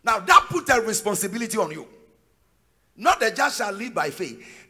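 A man preaching a sermon as pastor, emphatic and sing-song, rising to shouted peaks. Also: high-pitched, sing-song, normal speed, pauses often, slightly rough. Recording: long reverb of a large hall.

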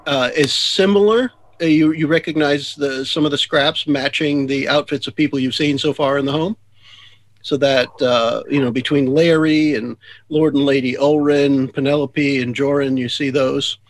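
A man's voice: on the high side, no room sound, poor audio. A man narrating as game master of a tabletop game, rambling and laughing, searching for words as he describes the scene.

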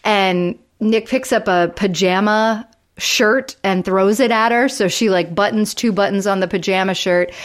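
A woman's voice: medium pitch, steady tone, unhurried. A woman co-hosting a podcast, animatedly retelling a TV episode in casual chat, full of "like". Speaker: podcast co-host.

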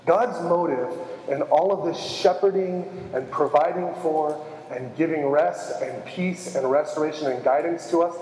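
High-voiced man preaching in an echoing hall. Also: a little slow, darkish tone. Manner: earnest, emphatic repetition, self-deprecating asides. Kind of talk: sermon. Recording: reverberant hall.

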